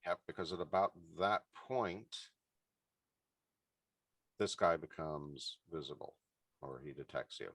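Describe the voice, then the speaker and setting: A man acting as game master, narrating a tabletop game in a relaxed, easygoing way. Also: very deep voice, slow pace, pauses often, no room sound, distant mic.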